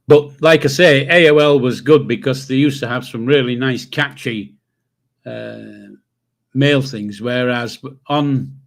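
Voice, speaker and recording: An older man, hosting a casual livestream and chatting loosely with viewers, with a rambling manner, casual swearing and chuckles to himself. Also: mid-range voice. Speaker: livestream host. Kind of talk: casual live chat reading comments.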